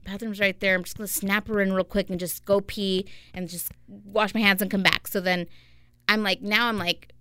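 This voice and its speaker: A young adult woman co-hosting a podcast, telling an animated, chatty story in casual conversation. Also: medium pitch, moderate pace, smooth, no room sound, studio quality. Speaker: podcast co-host. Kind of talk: casual chat.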